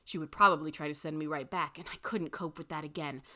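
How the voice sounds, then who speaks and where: A woman reading a first-person story aloud in an expressive way. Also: low voice, fast talker. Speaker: reader.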